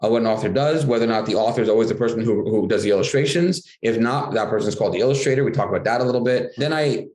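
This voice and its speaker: A middle-aged man, a guest author in casual interview talk, animated and acting out his classroom dialogue in a raised voice. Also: on the low side, rapid-fire, few pauses. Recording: roomy echo.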